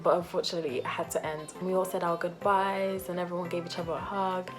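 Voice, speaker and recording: A young woman telling a storytime vlog, animated and acting out quotes in different voices. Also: on the low side, fast talker, hardly any pauses, faint music behind. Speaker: vlogger.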